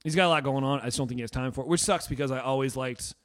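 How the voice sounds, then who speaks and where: A man's voice: medium pitch, rapid-fire. A man hosting a podcast, rambling and swearing in casual, crude chat. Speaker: podcast host.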